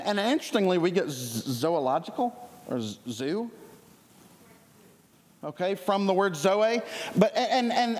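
A man preaching a sermon, energetic and conversational, often restarting his sentences. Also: sits high. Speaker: pastor. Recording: long hall reverb.

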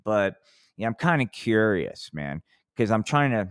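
A man's voice: on the low side, big pitch swings, unhurried, clean tone, no room sound, studio quality. A man hosting a live podcast, talking in a rambling, profane way and often restarting his sentences. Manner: rambling, profane, self-interrupting. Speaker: podcast host.

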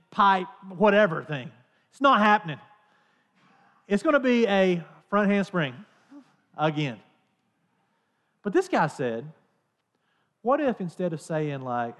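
A man's voice: sits high, a bit bright. A man in his thirties or forties preaching a sermon in a conversational, storytelling manner. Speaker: pastor.

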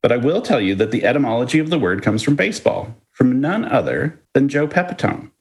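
A man co-hosting a podcast, chatting casually and telling stories in a playful, lively way with chuckles. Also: medium pitch, a little fast. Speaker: podcast co-host.

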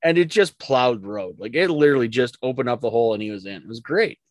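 A man's voice: medium pitch, animated, fast, no room sound. Opinionated joking man talking sports. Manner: opinionated, joking, stumbling restarts. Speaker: podcast co-host. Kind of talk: casual sports chat.

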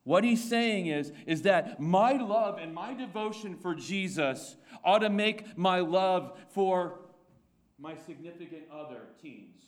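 Delivering a Sunday sermon, a pastor with a notably high voice poses rhetorical questions to his congregation and drives points home through repetition. He speaks expressively and slowly with few pauses, stumbling into restarts as he works through each thought.

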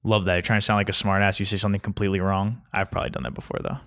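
A man's voice: deep voice, flat delivery, very fast, a bit bright. A young man ranting in a casual comedic monologue, grumpy and mocking. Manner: grumpy, ranting, mocks mispronunciations.

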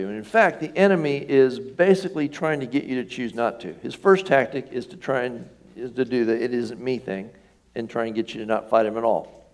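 A middle-aged pastor delivers a conversational sermon, regularly posing questions to the congregation. His voice is mid-range with a darkish tone.

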